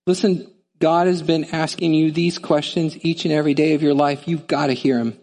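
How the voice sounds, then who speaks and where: Male pastor, sermon, conversational, animated, acts out voices, somewhat high voice. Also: moderate pace, long reverb tail.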